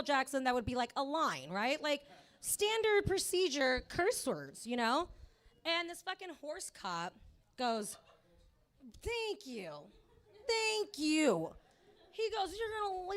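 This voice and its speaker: A woman's voice: high voice, fairly bright tone. A woman in her thirties doing a rambling, profane stand-up set at a comedy club, full of fillers.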